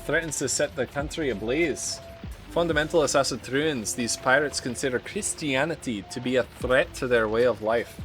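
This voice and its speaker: A man's voice: medium pitch, normal speed, a bit bright, soft background music. Wry male streamer reading game text. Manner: reads game text aloud with wry asides. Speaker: live streamer. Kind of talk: live gameplay commentary.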